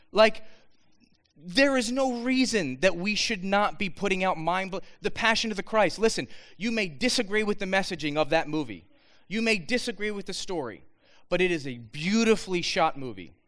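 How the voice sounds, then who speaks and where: A man giving an earnest, animated talk to students, with frequent restarts. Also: sits high. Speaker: speaker addressing students.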